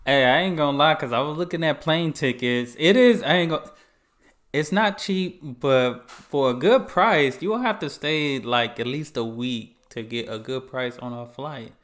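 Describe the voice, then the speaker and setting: A man's voice: medium pitch, normal speed, a bit bright. A young American man hosting a reaction video, chatting casually and laughing along with what he watches. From United States. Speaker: reaction channel host.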